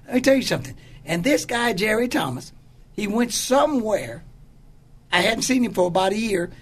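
A high, husky voice belongs to an older bishop from Oakland, California, who is a guest in a conversation. Giving candid testimony, he relates his life story with emphasis and acts out quotes in the cadence of a preacher.

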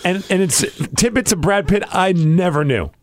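Host, male, faint New York accent, slightly higher voice, animated and quick to laugh. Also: no echo. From New York City. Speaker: podcast host. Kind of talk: casual podcast chat.

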